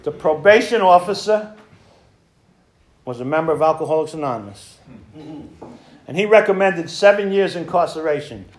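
A man's voice: a little high, lively intonation, moderate pace, pauses often. A middle-aged man telling his recovery story at a meeting, acting out the other people in it. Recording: echoey room with faint noise.

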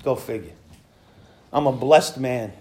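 A man's voice: medium pitch, a little slow, noisy background. A man sharing his personal recovery story at a meeting, talking conversationally, acting out old conversations and chuckling at himself. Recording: echoey room.

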